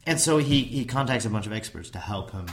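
A man at an everyday pitch tells a long, rambling story in casual chat. He doubles back often and swears freely. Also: expressive, fairly quick. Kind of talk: casual conversation, recounting a documentary.

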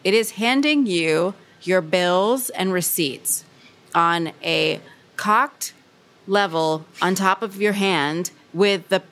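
Podcast guest, female, low register, loose and profane. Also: slow pace, fairly bright tone. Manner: loose and profane, full of "like" fillers. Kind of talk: casual chat.

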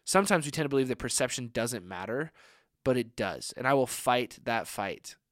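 A man's voice: medium pitch, expressive, normal speed, fairly bright tone, no echo. Earnest young man preaching, dry sound. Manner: earnest, conversational, many rhetorical questions; frequent filler "like". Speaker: young adults pastor. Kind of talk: sermon.

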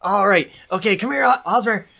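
A woman's voice: mid-range voice, a little fast, creaky, fairly bright tone, voice pushed up. A woman doing a nervous, stammering young adventurer. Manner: stammering, hesitant.

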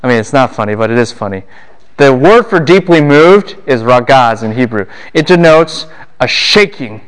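A middle-aged man lectures a university class on a Bible passage at an ordinary pitch. He keeps asking the room questions and answering them himself. When he quotes someone, his voice jumps up and down in pitch and volume. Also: lively intonation, normal speed, smooth.

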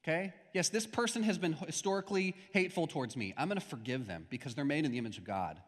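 A man's voice: fairly high pitch, lively intonation, fast. A man preaching a conversational sermon to his congregation, building to emphatic points. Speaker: pastor. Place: church hall. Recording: long reverb of a church hall.

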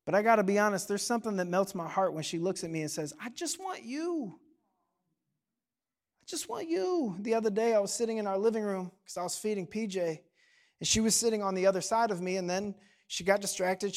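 A young adult pastor preaching a sermon in a church service, talking casually and then building to impassioned shouting. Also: medium pitch, steady tone, fairly quick.

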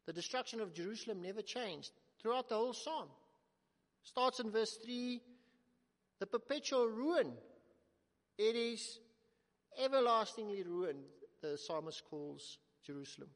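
A man preaching a sermon in earnest tones, swelling to emphatic calls and sinking to soft, slow words. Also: sits high. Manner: earnest, rising to emphatic then dropping to soft, slow quotes. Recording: long hall reverb.

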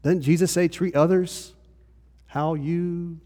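A male pastor talks his congregation through a teaching in a relaxed, conversational way, often pausing to ask "okay?" His voice sits slightly high for a man. The sound carries a long hall reverb from the church space. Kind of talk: sermon.

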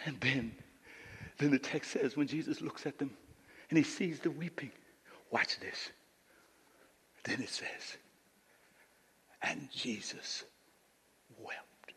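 A man's voice: medium pitch, slow, long pauses, fairly bright tone, husky, big-room sound. A man preaching a sermon as pastor, emphatic, often repeating words as he restarts his sentences. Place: church sanctuary.

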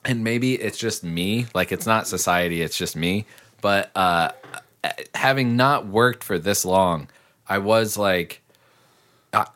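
A man's voice: fairly low pitch, takes it slowly, a bit bright. A man telling a story in casual chat, rambling with many fillers and lots of swearing.

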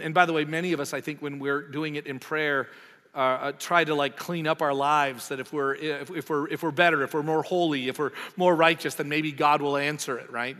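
Impassioned preacher in a reverberant hall. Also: male voice, fairly high pitch. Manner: impassioned, swells loud on emphatic lines then drops quiet. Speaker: pastor. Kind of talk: sermon.

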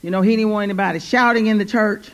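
A woman's voice: mid-range voice, fairly even intonation, fast talker. Woman, preacher, church sermon, fervent, repetitive, call-and-response. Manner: fervent, repeats phrases, call-and-response "Amen?". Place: church service.

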